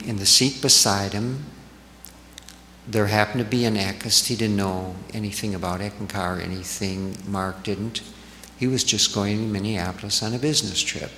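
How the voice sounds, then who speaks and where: A man speaking slowly and gently, telling a story to a gathered audience. His voice is low and bright, and a long hall reverb surrounds it with a faint hiss. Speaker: spiritual speaker.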